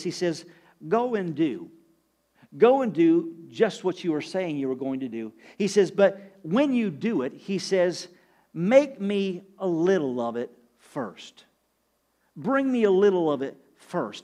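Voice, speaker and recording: A man pastor preaching a sermon, swinging between loud and soft, asking the congregation questions. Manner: preaching with sweeping swings in pitch and loudness.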